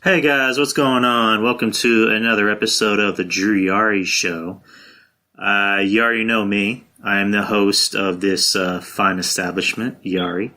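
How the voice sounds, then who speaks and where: A young man talks loosely through his solo podcast, stumbling through restarts and dropping swear words as he goes. His voice sits a little low yet comes across bright and forward. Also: fairly even intonation, measured pace. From San Antonio, Texas. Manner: rambling, swears, frequent fillers and restarts. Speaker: podcast host. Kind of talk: casual solo podcast chat.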